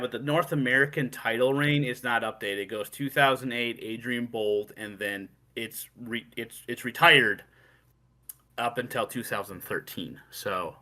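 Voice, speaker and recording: A man who is a guest on a casual podcast, explaining league records in a lively, chatty way. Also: mid-range voice.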